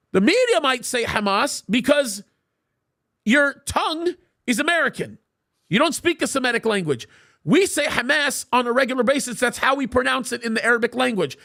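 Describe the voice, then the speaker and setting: A man's voice: very high-pitched, creaky, bright, forceful tone. A middle-aged man hosting a live talk show, telling stories and explaining his views emphatically, often repeating words as he starts a sentence. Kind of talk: live commentary and storytelling.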